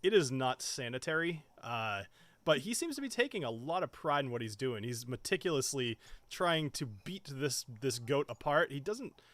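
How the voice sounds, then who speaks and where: A man runs a tabletop game, describing scenes and often breaking into laughter. His pitch moves a lot and his tone is bright and forward. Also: very animated, normal speed, no room sound. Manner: laughs often while narrating. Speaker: game master.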